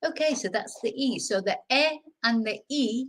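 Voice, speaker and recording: A woman teaching Spanish pronunciation in a casual live lesson. She chats loosely, restarts sentences and slows right down on the example words. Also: on the high side, lively intonation, rough recording. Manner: chatty, restarts often, stretches out example words slowly.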